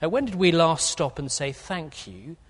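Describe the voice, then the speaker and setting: A man's voice: a little high, sing-song, normal speed, husky. A man preaching an earnest expository sermon, with a few fillers. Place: church. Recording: long hall reverb.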